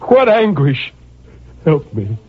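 A man's voice: on the low side, expressive, normal speed, breathy edge. An actor playing a tormented male murderer pacing his prison cell, in an intense dramatic radio monologue that swings from brooding murmurs to anguished cries. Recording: tinny old radio broadcast.

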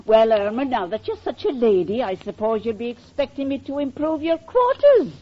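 A woman's voice: on the high side, sing-song, moderate pace. An actress playing a brassy, wisecracking middle-aged landlady in a 1940s radio comedy, punchy in delivery. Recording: lo-fi old radio recording.

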